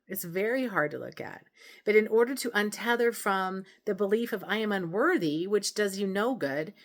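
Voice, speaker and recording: A woman's voice: medium pitch, animated, normal speed. A woman hosting a self-help video, talking casually and earnestly to camera, explaining her points with frequent restarts and asides. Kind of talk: casual advice talk to camera.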